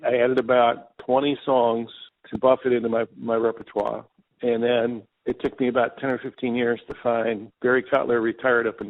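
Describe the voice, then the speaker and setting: A man's voice: mid-range voice, vocal fry. A man from Michigan, a singer-songwriter guest, telling rambling stories with quoted dialogue in an interview. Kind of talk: interview storytelling. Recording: tinny phone line.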